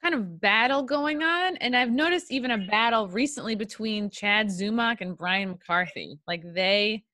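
A young adult woman hosting a casual podcast chat, candid and opinionated, thinking out loud with fillers. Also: a little high, moderate pace, few pauses, no room sound, clean studio sound. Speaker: podcast host.

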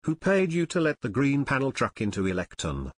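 A man voicing a calm, defiant teenage boy detective in an audiobook reading. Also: mid-range voice, a little fast, breathy edge, dry recording. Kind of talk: audiobook narration.

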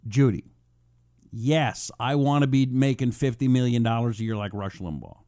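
Here a man hosts political talk radio, going through listener messages and answering critics with combative sarcasm, even mocking them in high fake voices. His pace is normal and his tone darkish. It's studio quality, free of echo.

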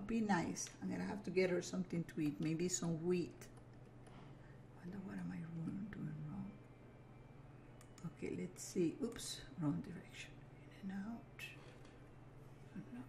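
Playing a video game, this woman keeps up relaxed let's play chatter in a lowish, gravelly, slightly bright voice, measured in pace with frequent pauses. There's a little hiss or hum, and she mutters to herself, apologizing with small giggles.

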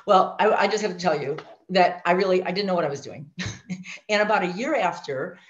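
Animated woman telling her story, lo-fi. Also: on the low side, a little fast. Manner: animated storyteller, mimics voices, asides to the audience. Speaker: guest sharing her story. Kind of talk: personal testimony talk. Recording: dull lo-fi audio.

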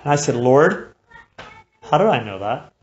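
A man's voice: mid-range voice, very animated, measured pace. Impassioned preacher, man, lo-fi recording. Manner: impassioned, swings from hushed to shouting. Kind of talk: sermon. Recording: dull lo-fi recording with faint noise.

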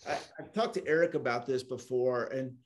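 A man hosting a podcast, asking his guest curious follow-up questions in a relaxed, conversational way. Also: medium pitch, a little fast. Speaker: podcast host. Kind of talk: casual interview chat.

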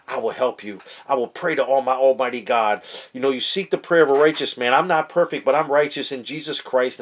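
A man preaching casually to camera, fervent, swinging between hushed earnest talk and shouted praise, with street slang. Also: mid-range voice. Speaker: online preacher.

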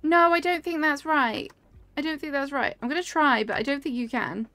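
Woman, young adult, game streamer, casual chatty talk, gravelly fry, dry close sound. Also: high voice, moderate pace, bright, forceful tone, no room sound. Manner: chatty, reacts aloud to the game and reads chat. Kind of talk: casual live-stream chat while playing.

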